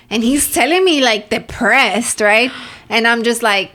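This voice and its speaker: A woman's voice: fairly high pitch, unhurried, pushed and bright. A young adult woman co-hosting a podcast in a casual chat, telling stories with a lot of "like" and "right?" and acting out the voices of people she quotes. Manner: rambling storyteller, acts out quoted dialogue, heavy on "like" and "right?". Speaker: podcast co-host.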